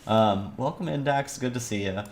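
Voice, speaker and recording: A woman's voice: extremely low pitch, normal speed, a little mellow, a little hiss or hum. Rambling, swearing woman streamer. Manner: rambling, profane, jokey asides. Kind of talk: casual let's-play chat.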